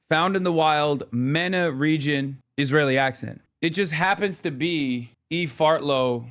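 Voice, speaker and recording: Male streamer, slightly higher voice, rapid, rambling casual commentary. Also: fairly bright tone. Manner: rapid, rambling, profane, with frequent uh fillers.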